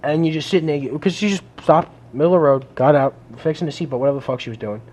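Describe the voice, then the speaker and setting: Fast, high-voiced man telling a rant. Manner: profane, animated retelling with quoted voices. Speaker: podcast co-host. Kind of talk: casual storytelling chat.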